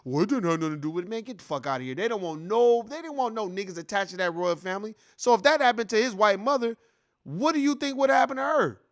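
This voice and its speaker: A man's voice: high voice, expressive, fast talker. A man giving a heated, profane reaction commentary in a casual, repetitive ranting style.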